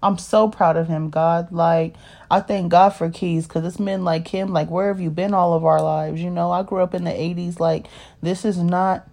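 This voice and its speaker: Cali woman in her 30s, low voice, just rambling thru her story, lots of you know what i mean. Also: steady tone, moderate pace, mellow. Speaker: storyteller sharing her life. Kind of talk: casual personal monologue.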